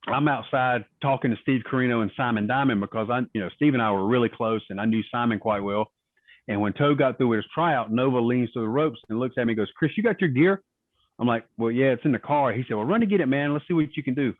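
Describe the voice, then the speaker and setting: Speaking at a medium pitch, this retired wrestler guests on a podcast, telling lengthy tales in a casual interview and imitating everyone he quotes. The audio is dry and sounds thin, like a phone line.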